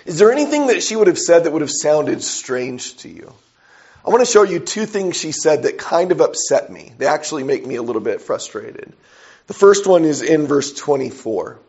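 A man's voice: on the high side, darkish tone. A man preaching a sermon, reading scripture aloud and putting questions to his listeners. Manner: asks the audience questions and reads scripture aloud. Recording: dull lo-fi recording.

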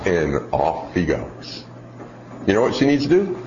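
A man giving a parenting talk, telling a story in a lively way with many asides. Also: mid-range voice, measured pace, gravelly, background noise. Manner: lively storytelling, lots of "you know". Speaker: parenting speaker. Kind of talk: parenting talk with acted-out scenes. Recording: roomy, slightly dull recording.

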